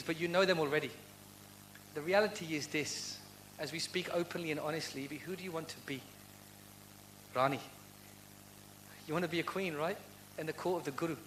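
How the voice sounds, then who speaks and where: The speaker, a man from the UK with a fairly high, somewhat bright voice, fields audience questions at a university event. His devotional talk is earnest and heartfelt, full of rhetorical questions, and the rough recording carries a little hiss or hum.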